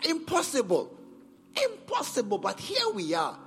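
A man's voice: very high voice, huge pitch swings, a little slow, creaky, a bit bright. A man with a Ghanaian accent preaching a sermon in church, emphatic and repetitive as he urges the congregation on. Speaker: pastor. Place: church service. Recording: church hall reverb with faint music.

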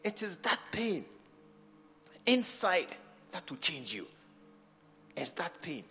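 Animated high-voiced Ghanaian preacher. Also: male voice, takes it slowly. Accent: Ghanaian English. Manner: animated, repeats phrases, swings from loud emphasis to near-whispers. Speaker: archbishop preaching. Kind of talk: sermon. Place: church. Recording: church hall reverb with faint music.

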